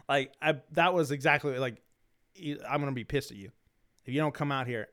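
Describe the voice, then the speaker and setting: A man's voice: mid-range voice, moderate pace, long pauses, bright, forceful tone. A young man hosting a podcast, telling a rambling story in slangy, swearing casual talk, his throat dry and coughing. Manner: rambling, slangy, swears freely, many restarts. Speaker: podcast host.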